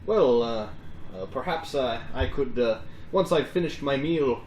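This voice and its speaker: Lively man playing in character, distant and roomy. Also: medium pitch, a little hiss or hum. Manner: halting, filler-heavy. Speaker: player. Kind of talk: in-character tabletop play.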